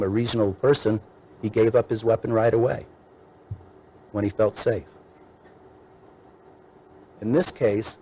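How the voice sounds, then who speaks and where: A man as defense attorney giving a measured, methodical courtroom mitigation argument, laying out point after point. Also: on the low side, mellow, a little hiss or hum, low-quality recording.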